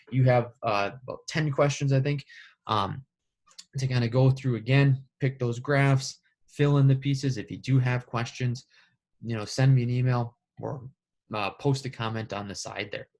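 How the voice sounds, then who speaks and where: A man's voice: mid-range voice, vocal fry, darkish tone. A man teaching a math lesson, casually talking through each step aloud. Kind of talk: screen-recorded math lesson.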